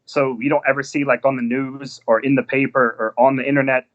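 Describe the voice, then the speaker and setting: Fast-talking man, dull lo-fi sound. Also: mid-range voice, little pitch movement. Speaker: guest. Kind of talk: casual live-stream chat.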